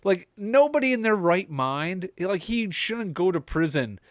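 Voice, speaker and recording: A man's voice: sits high, sing-song, unhurried, dry recording, studio quality. A young adult man co-hosting a podcast, chatting casually and rambling with enthusiasm about movies. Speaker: podcast co-host.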